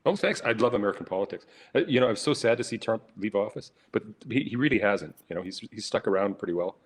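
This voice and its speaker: A man's voice: lowish voice, expressive, quick pace. A man, a cartoonist guest, talking in a teasing, ironic way. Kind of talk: casual panel chat.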